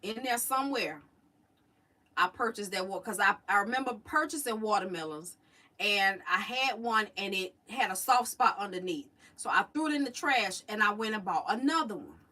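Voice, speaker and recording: A middle-aged woman, chatting and telling stories to her live chat, animated and drawling. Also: mid-range voice, normal speed. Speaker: livestream host. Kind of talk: casual storytelling to a live chat. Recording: voice a little distant from the mic.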